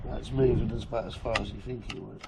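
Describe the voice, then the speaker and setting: A man with a hoarse, croaky throat hosting a casual repair video, explaining the job in a laid-back way with lots of fillers. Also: on the low side, steady tone, fast talker. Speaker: host doing vehicle repairs. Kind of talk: casual how-to narration. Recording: loud background noise with clicks.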